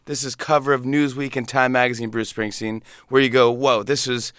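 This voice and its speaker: A man, a comedian, telling a lively story in an interview and acting out other people's voices. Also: medium pitch, brisk, clean tone, no echo. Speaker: comedian guest.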